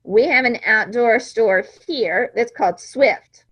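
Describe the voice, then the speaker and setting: A woman's voice: fairly high pitch, slow pace, husky, poor audio. A woman teacher giving a classroom lecture, talking conversationally and checking understanding with frequent "right?".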